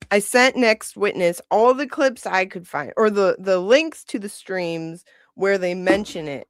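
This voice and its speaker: Chatty gossipy woman on her stream, slow easy talk, dry close sound, laughs a lot. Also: mid-range voice, clear, resonant tone, no room sound. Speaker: livestream host. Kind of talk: casual livestream commentary.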